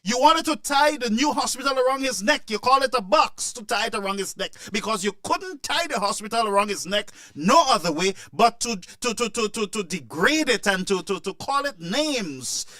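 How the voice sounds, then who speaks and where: A man's voice: sits high, expressive, normal speed, bright, forceful tone, no echo. A man giving impassioned political commentary, emotional and repetitive, stumbling over restarts as he presses his points.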